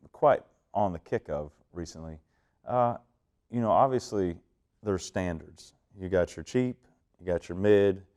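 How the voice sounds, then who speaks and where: A young man from southern Indiana with a twangy drawl, answering interview questions in a slow, laid-back way. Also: deep voice, a little mellow. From Indiana, USA. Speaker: country singer interviewee.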